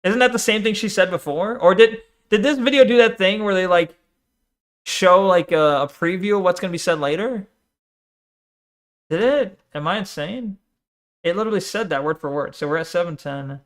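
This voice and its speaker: High-voiced sarcastic male streamer. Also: normal speed. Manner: sarcastic, rambling, mocking mimicry. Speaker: streamer reacting to a debate video. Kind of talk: casual reaction commentary.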